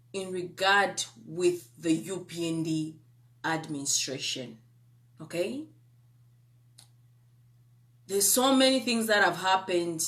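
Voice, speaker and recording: A young woman with a Zambian accent speaks slowly and deliberately on a live political stream. Her voice is bright and edged. She hammers her points through repetition and rhetorical questions, and slips local-language phrases into her English. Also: on the low side. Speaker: political commentator.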